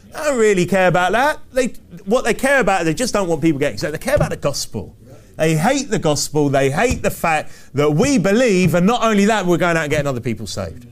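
Male preacher, high register, emphatic repeating sermon delivery. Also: very animated, a little fast. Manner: emphatic, repetitive preaching cadence with rhetorical questions.

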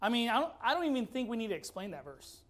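A man preaching a sermon, firing rhetorical questions and reading scripture slowly and deliberately. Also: very high voice, big pitch swings, fairly bright tone. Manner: emphatic, fires rhetorical questions.

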